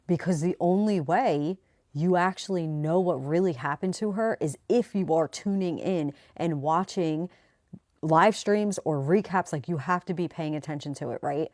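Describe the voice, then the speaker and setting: A woman recapping a court trial in a chatty, animated vlog style. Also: fairly low pitch, moderate pace, no room sound, studio quality. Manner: chatty, animated retelling with quoted voices. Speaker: true crime commentator.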